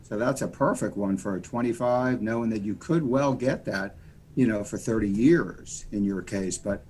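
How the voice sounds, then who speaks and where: A US mortgage lender talks loans as a podcast guest, and his explanations wander folksily, packed with "you know." The voice is lowish, somewhat mellow and husky, moving at a normal speed. It's a relaxed, casual interview setting.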